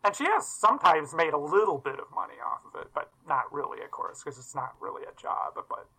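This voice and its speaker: Guy with a bright voice, chill and wry, chatting w old friends on a podcast. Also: fairly high pitch, big pitch swings, brisk, slightly rough, rough recording. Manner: easygoing, wry, trails off. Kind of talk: casual chat among old friends.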